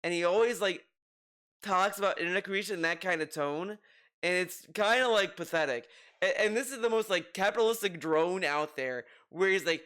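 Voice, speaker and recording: Guy with a high clear voice, rambling sarcastic commentary, kinda mocking. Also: moderate pace, a bit bright. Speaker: commentary youtuber. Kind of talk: video commentary.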